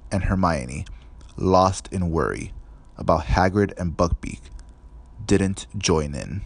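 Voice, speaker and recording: Deep, slow male audiobook narrator. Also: dry recording. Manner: measured, steady storytelling. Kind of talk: scripted narration.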